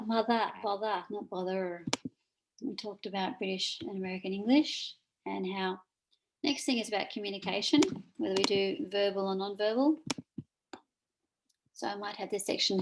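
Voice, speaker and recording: An Australian woman gives an informal recorded lecture, pointing at slides as she goes. Her voice has a gravelly fry at the edges. A faint noise sits under the recording. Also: mid-range voice. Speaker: teacher.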